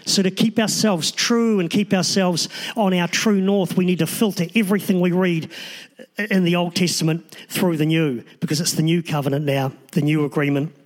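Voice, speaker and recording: A man's voice: sits high, steady tone, moderate pace. A man, a pastor, preaching a sermon in an earnest, emphatic way with short repeated phrases.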